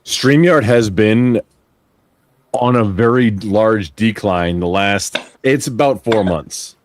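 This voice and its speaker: A man's voice: lowish voice, slow pace. A man chatting on a livestream, dry and self-deprecating. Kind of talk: casual livestream chat.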